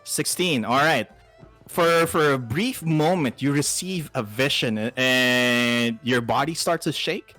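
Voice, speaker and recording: A man narrating as game master, relaxed and chatty, with frequent filler sounds. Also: medium pitch, slow, faint music behind.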